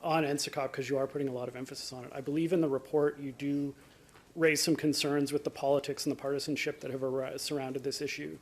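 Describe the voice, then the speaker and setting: A man's voice: mid-range voice, flat delivery, quick pace. A man asking a question as a journalist at a press conference.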